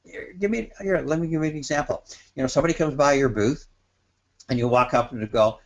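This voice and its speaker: A man giving an instructional webinar in a lively, conversational way, acting out little quoted exchanges. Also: brisk. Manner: animated, acts out quoted trade-show exchanges in a higher voice. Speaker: webinar presenter. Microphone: webinar microphone.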